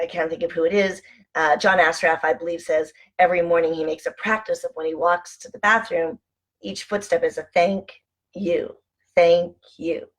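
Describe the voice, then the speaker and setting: A woman hosting a casual motivational vlog from home, chatty and animated as she tells anecdotes. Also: on the low side. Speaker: online show host.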